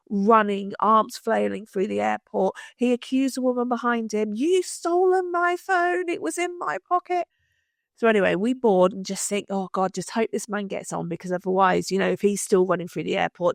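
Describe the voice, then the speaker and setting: A woman co-hosting a podcast, telling a story in animated casual chat, swearing freely and acting out the people she quotes. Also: medium pitch, gravelly, no room sound, clean studio sound. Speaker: podcast co-host.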